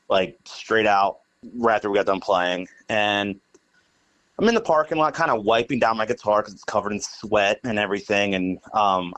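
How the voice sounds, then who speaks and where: A man's voice: on the low side, fairly bright tone, poor audio. A young adult man, a podcast guest, telling a casual story in a rambling way, full of fillers and "like". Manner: rambling, heavy use of "like" and fillers. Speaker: podcast guest, guitarist and studio engineer.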